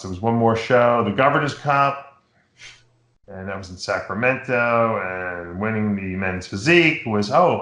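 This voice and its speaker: A middle-aged man from New York, talking loosely and animatedly as he runs through results and family stories. His voice sits low but swings widely in pitch, with a bright, forceful edge. The sound bounces around an echoey room. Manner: rambling, animated storytelling with impressions. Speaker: podcast host. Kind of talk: casual chat.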